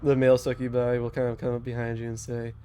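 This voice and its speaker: Mellow-voiced young man running a tabletop game. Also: mid-range voice, fast talker, slight background noise. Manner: relaxed, loose, with fillers and restarts. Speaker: game master. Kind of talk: casual tabletop game narration.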